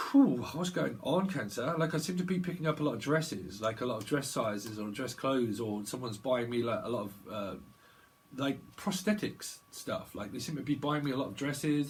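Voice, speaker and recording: Chatty man rambling through a tarot reading. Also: medium pitch. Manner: chatty, digressive, laughs often, bursts into quoted voices. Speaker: tarot reader.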